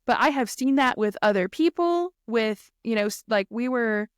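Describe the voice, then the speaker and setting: A woman co-hosting a casual chat podcast, talking excitably and filling her sentences with "like". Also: a little high, moderate pace, clear, resonant tone, no room sound, clean studio sound. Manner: chatty, heavy use of "like", excitable. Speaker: podcast co-host.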